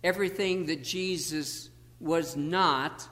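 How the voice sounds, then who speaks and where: A man preaching a sermon as a pastor, slow and deliberate, with emphatic pauses. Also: on the high side, fairly bright tone, big-room sound.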